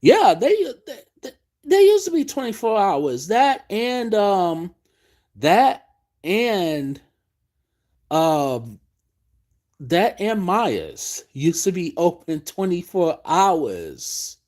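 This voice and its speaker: Slow, swinging male stream host rant. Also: high-pitched, sing-song, a little mellow. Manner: profane, ranting, exasperated. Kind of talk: late-night live stream rant.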